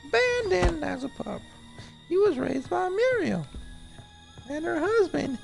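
A man putting on a high, strained, whiny cartoon announcer voice. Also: very animated, measured pace, vocal fry, over music, exaggerated voice. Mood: announcing.

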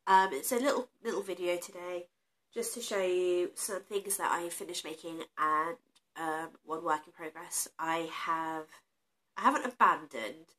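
A woman's voice: lowish voice, fairly even intonation, unhurried, fairly bright tone. A woman with a stuffy, nasal voice from a cold, chatting casually and self-deprecatingly as she shows off her crochet projects. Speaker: crochet vlogger. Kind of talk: casual show-and-tell chat.

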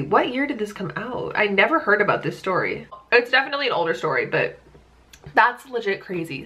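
Bright-voiced chatty young woman vlogger. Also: medium pitch, big pitch swings, brisk. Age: 20s. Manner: chatty, full of "like" and amused disbelief. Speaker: book vlogger. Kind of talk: casual chat to camera.

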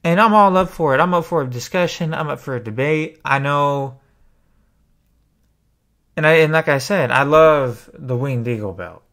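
A man's voice: a little high, moderate pace, a bit bright. A man venting to camera in an exasperated opinion rant, swearing freely as a small YouTuber. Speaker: wrestling YouTuber.

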